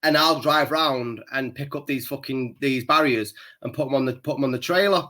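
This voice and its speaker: Bright-voiced man telling a story. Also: medium pitch, normal speed. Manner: rambling, swears constantly, laughs at his own story. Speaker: podcast co-host. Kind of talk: casual storytelling chat.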